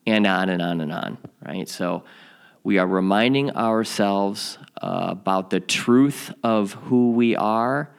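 A man hosting a podcast, reading a spiritual lesson aloud in a calm, measured way and adding his own comments. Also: on the low side, vocal fry, clear, resonant tone. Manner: calm, measured reading that slows on key phrases. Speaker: podcast host.

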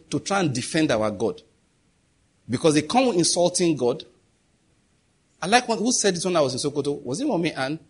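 Guy preaching, kinda husky, slightly high voice, punchy rhetorical questions. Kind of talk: sermon.

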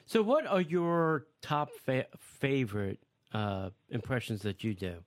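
A man's voice: mid-range voice, measured pace, no room sound, clean studio sound. A man hosting a casual interview, giving short encouraging reactions and questions. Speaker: host.

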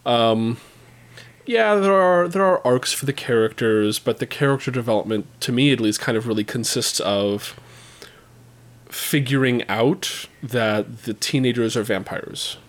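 A man's voice: medium pitch, a little slow. Wry man reviewing a film. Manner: dry, wry remarks with hedging fillers. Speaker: podcast co-host reviewing a film. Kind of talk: casual chat.

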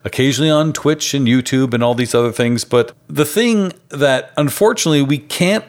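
A man's voice: mid-range voice, fairly quick. A man with a Canadian accent hosting a podcast interview in an upbeat, practiced way. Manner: upbeat, talks for a living. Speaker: podcast host.

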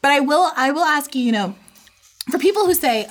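A woman's voice: high voice, lively intonation, normal speed. A woman hosting an interview, asking friendly questions in a casual chat. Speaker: interviewer host.

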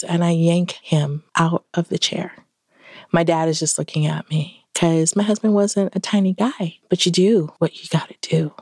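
Low gravelly woman telling her story. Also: no echo, clean studio sound. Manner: animated, acts out quoted dialogue. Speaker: podcast guest. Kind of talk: personal storytelling in an interview.

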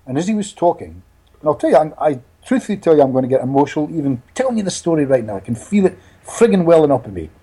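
Speaking a little high and rapid-fire with a breathy edge, a man guests as a hypnotherapist in a casual interview. He tells stories animatedly, laughing frequently and repeating himself.

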